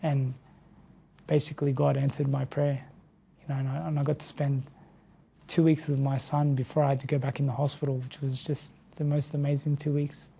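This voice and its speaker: Tired, gravelly Australian man, heartfelt. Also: mid-range voice, level tone, fairly quick, mellow, slight background noise. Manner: earnest, heartfelt, repeats words when moved. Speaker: interview guest, former boxer. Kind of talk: emotional personal interview.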